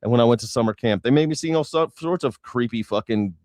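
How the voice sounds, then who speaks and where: A man's voice: medium pitch, fast talker, darkish tone, dry recording, studio quality. A man hosting a news reaction show, sarcastic and profane in a rambling way. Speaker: host.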